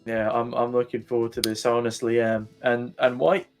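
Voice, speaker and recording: A man casting a live esports match, excitable and rambling, a little out of breath, his pitch jumping up when he is thrilled. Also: moderate pace, soft background music. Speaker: esports caster.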